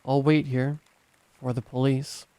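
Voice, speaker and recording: A man's voice: mid-range voice, little pitch movement, mellow, no echo, close to an everyday voice. A man voicing a choked-up, grieving old man. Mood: remorseful. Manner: halting, apologetic. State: choked up, crying.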